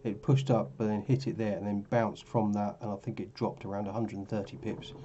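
A man's voice: on the low side, flat delivery, brisk, dark tone, dull audio, slight background noise. A tired man talking casually through his trading charts, rambling and correcting himself as he goes. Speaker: forex trading vlogger. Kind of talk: casual screen-share commentary.

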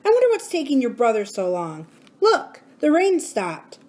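Woman voicing a shrill, demanding young girl. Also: wildly swooping pitch, normal speed, full character voice. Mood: uneasy. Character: pert, touchy girl going on eleven.

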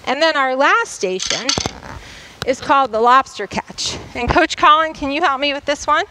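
A woman's voice: high voice, normal speed, noisy background. A woman coach demonstrating tennis drills for a class in a school gym, explaining each step and checking in often. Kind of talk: instructional demonstration.

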